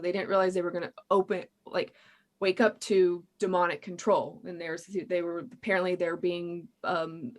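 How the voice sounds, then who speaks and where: A woman in her thirties hosting a casual chat, telling stories with many fillers. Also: lowish voice. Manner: chatty, filler-heavy storytelling. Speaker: podcast host.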